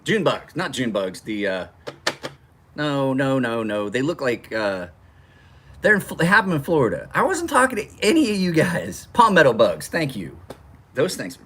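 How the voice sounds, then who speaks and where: Guy in his garage shooting the breeze w viewers, husky voice, pitch all over the place, swears and laughs a lot. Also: big pitch swings, normal speed, fairly bright tone. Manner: laughing, profane storyteller. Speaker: knife sharpening channel host. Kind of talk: rambling live chat with viewers. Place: home garage.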